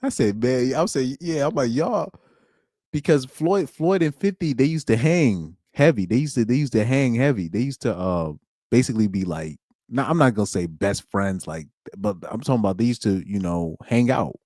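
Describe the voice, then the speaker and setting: A man's voice: mid-range voice, lively intonation, a little fast, warm tone, dry recording, clean studio sound. A young man streaming alone, chatting casually in slang, rambling and laughing as he goes. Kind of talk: casual chat.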